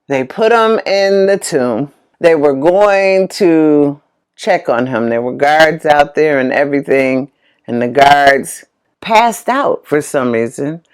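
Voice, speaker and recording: A middle-aged woman casually retelling a story in an animated way, exclaiming often. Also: deep voice, measured pace. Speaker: vlogger.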